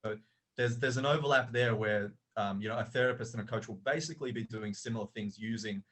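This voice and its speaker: Man, middle-aged, podcast guest, storytelling, halting, restarts often, mid-pitched voice. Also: fairly bright tone. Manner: halting, with many restarts and fillers. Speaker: coach and author, podcast guest.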